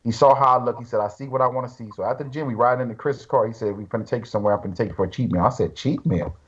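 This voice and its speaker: A guest bodybuilder tells stories casually in slangy language, acting out other people's lines with animation. His medium-pitched voice is husky and very fast, and the recording sounds muffled.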